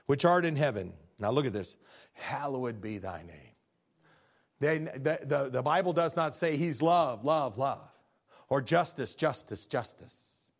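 A middle-aged man, a pastor, preaching a sermon that swings from hushed, intimate lines to loud, fervent ones. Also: mid-range voice, expressive, a little slow.

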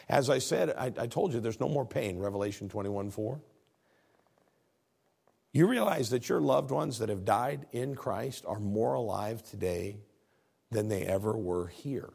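A male pastor preaches earnestly, reading scripture aloud. His voice has a gravelly, husky grain at a middling pitch, and he often stumbles over repeated words. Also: darkish tone. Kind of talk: sermon.

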